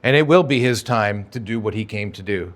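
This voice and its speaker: A man's voice: lowish voice, lively intonation, a little fast. A man preaching a sermon as pastor of a church, conversational and emphatic, with sudden rises and drops in energy. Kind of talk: expository sermon. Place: church sanctuary.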